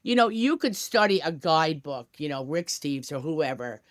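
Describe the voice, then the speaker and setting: A woman's voice: low-pitched, big pitch swings, normal speed, dry recording. Upbeat chatty woman, dry close mic. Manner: upbeat, chatty, many "you know" asides. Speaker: tour company guest. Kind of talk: enthusiastic podcast interview.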